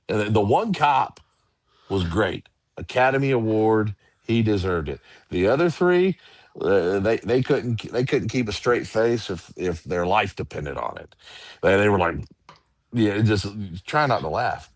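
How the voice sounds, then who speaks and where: A man with a lowish voice tells backstage stories in a relaxed interview, his pitch leaping about as he acts out the people he quotes. The sound is dry and close, with no room around it, and he breaks into laughter often. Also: normal speed, dry recording. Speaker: guest wrestler. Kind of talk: casual storytelling interview.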